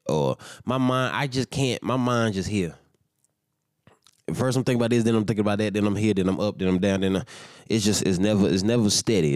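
A man's voice: low-pitched, a little mellow, dry recording, clean studio sound. A young man hosting a casual solo podcast, talking in a loose, rambling and profane way, sleepy and yawning without his coffee. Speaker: podcast host.

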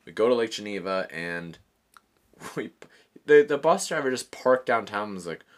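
A man's voice: lowish voice, lively intonation, moderate pace. A man in his thirties casually telling a long story, laughing often and swearing freely.

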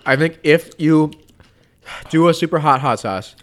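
A man's voice: fairly high pitch, a little slow. A man chatting with friends during a hot sauce tasting, rambling and fumbling for words as he explains his thoughts. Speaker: taste tester. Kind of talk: casual group chat.

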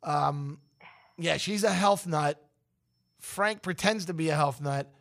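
Man, high voice, radio host, wry deadpan banter, casual morning show. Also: slow pace, vocal fry. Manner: wry, dry, deadpan jokes.

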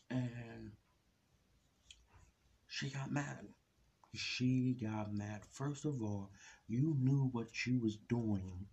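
A man's voice: medium pitch, gravelly, mellow, a little hiss or hum. A man giving a blunt, ranting opinion monologue, firing rhetorical questions at his audience. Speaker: vlogger. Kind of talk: solo opinion rant to camera.

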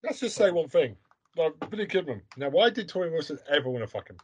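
A man's voice: a little high, sing-song, quick pace, a little mellow, lo-fi sound, a little hiss or hum. A man hosting a podcast, talking bluntly and provocatively in crude casual chat. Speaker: podcast host.

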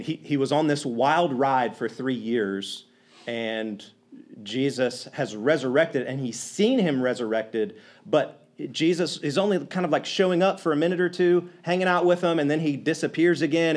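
A man's voice: medium pitch, moderate pace. A man preaching a conversational sermon, retelling a story with restarts and acting out the characters' lines. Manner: animated, acts out quoted lines, many restarts.

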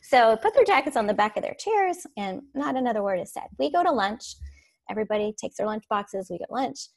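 A woman teacher telling classroom stories in a casual, animated way, laughing as she goes. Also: on the high side, fairly quick. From Florida. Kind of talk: casual storytelling on a podcast.

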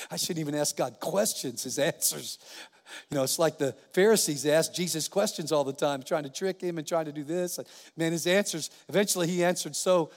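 A man preaching a sermon as a pastor, animated storytelling and acting out the voices in his quotes. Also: a little high, big-room sound.

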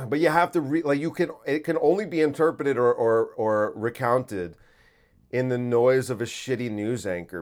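Rambling man in a casual monologue. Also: lowish voice. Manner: rambling, many fillers, profane. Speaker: podcast host.

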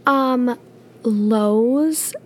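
A woman's voice: on the high side, drawn-out words. A young woman co-hosting a podcast, chatting casually with rambling sentences full of "like" and dry jokes. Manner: rambling, heavy use of "like", deadpan jokes. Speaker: podcast co-host.

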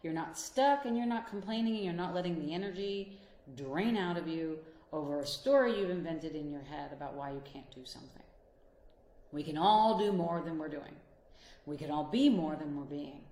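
A woman with a somewhat low voice gives a motivational talk, speaking straight to the listener in an earnest, encouraging tone. She is a life coach and couples therapist. Her voice rings in a roomy, echoey space. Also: normal speed, mellow. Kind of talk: motivational monologue.

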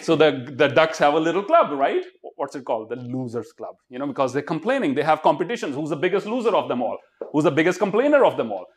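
Lively motivational speaker. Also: male voice, fairly high pitch, fast talker. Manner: animated, keeps quizzing the audience and leading call-and-response. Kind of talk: motivational talk to a student audience.

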